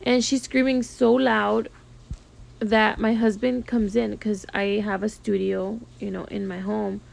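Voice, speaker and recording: A woman's voice: mid-range voice, flat delivery, unhurried, creaky. A woman who works as a nail technician tells a story casually, with lots of fillers. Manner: chatty, filler-heavy retelling. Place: home studio.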